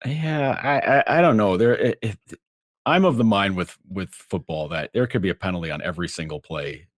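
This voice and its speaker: A man talking sports as a podcast guest, animated, often restarting and acting out what others said. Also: low-pitched, a little fast, dry recording, clean studio sound. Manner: animated, acts out quotes, many restarts. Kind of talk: casual sports chat.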